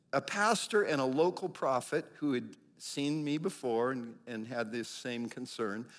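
A middle-aged man preaching, a pastor telling a lively personal story in sermon style. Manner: animated storyteller, acts out quotes with big pitch jumps.

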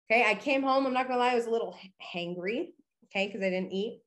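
A woman's voice: a little high, quick pace, a bit bright. A young woman hosting a podcast, giving a casual motivational monologue in a chatty, upbeat way full of "you know" and "okay". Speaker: podcast host.

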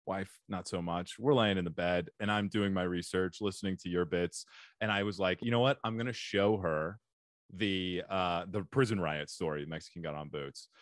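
A man's voice: low-pitched, fairly even intonation, normal speed, dry recording, clean studio sound. A man hosting a podcast in a casual interview, laughing often and talking in long, rambling stretches. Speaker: podcast host.

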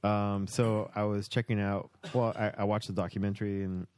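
A man's voice: fairly low pitch, normal speed, clear, resonant tone. A man co-hosting a podcast, chatting casually over drinks and laughing easily. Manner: relaxed, laughs often. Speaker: podcast co-host.

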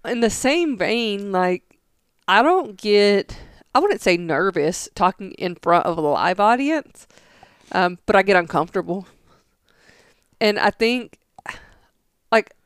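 A woman's voice: medium pitch, smooth, no echo, studio quality. A young woman co-hosting a casual podcast, rambling and arguing her point with many fillers. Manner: rambling, argumentative, filler-heavy. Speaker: podcast co-host.

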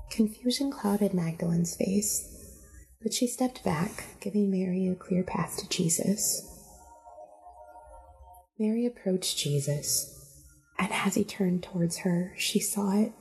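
A woman narrating a story in a hushed, breathy manner, often sinking close to a whisper. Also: medium pitch, slow pace, pauses often, faint music behind.

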